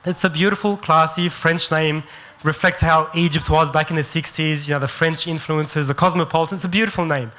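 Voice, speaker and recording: A man, doing stand-up comedy storytelling in an animated way and mimicking his relatives in quick quoted voices. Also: a little high, low-quality recording. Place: stage before a live audience.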